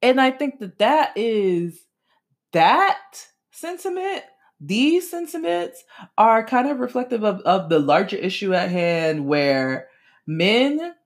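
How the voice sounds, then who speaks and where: Young woman ranting solo on her podcast, blunt and emphatic, lots of slang and cussing, voice shoots up high when she makes a point. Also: takes it slowly. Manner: emphatic, blunt and animated, with sudden high-pitched jumps; casual slangy talk with swearing. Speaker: podcast host.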